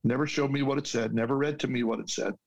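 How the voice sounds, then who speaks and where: A man's voice: mid-range voice, fairly even intonation, fast talker, poor audio. Earnest man telling his story. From United States. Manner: earnest and heartfelt, with restarts and the odd laugh. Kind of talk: personal storytelling.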